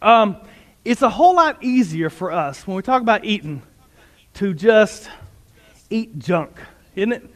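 A man preaching a sermon as pastor, energetic and quick, with joking asides. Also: high-pitched. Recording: long hall reverb.

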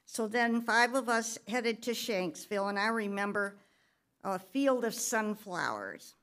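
A woman's voice: mid-range voice, expressive, unhurried, a bit bright. A pastor's wife giving a personal testimony during a church service, telling her story in a conversational way with occasional fillers.

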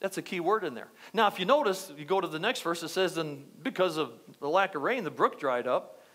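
Male pastor, high voice, lively repetitive church sermon. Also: fairly quick. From United States. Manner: animated, repetitive preaching with asides to the congregation.

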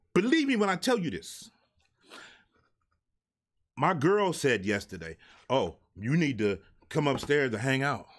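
This is a man with a high-sitting voice and a bit of brightness, ranting on his own live stream. Profane and fed up, he directs his exasperation at everyone who sends him music.

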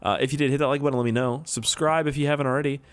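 A young man giving casual, jokey commentary on his own gameplay, talking to himself with sudden high-pitched outbursts. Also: fairly even intonation, racing, clean tone. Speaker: gaming YouTuber.

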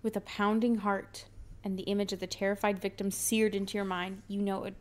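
A woman's voice: medium pitch, level tone, fairly quick. A woman podcast co-host reading an interactive horror story aloud, dramatic and amused, breaking into chat with her co-host.

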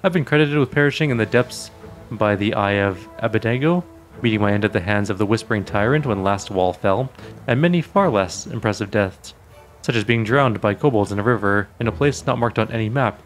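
A man's voice: fairly low pitch, a little fast, faint music behind, natural voice. A man voicing a vain, peevish male scholar and alchemist in a game, talking in a haughty, lecturing way. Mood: boastful.

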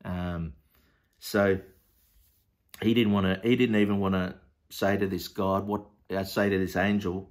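Preacher, male, lowish voice, chatty Bible teaching with lots of ums and restarts. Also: little pitch movement, measured pace, pauses often. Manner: conversational, hesitant with many fillers and restarts.

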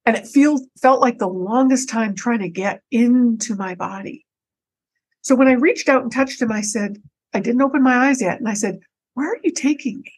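A woman with a fairly high voice, telling a personal story as a podcast guest. She talks animatedly and often restarts or repeats words. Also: moderate pace, poor audio. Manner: animated, breaks into her own quoted speech.

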